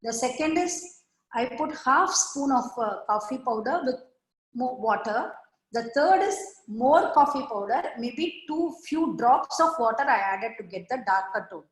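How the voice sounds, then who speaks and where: A woman's voice: on the high side, animated, a little slow. A woman teaching an online art class, giving patient step-by-step instructions over a video call. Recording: echoey room on a video call.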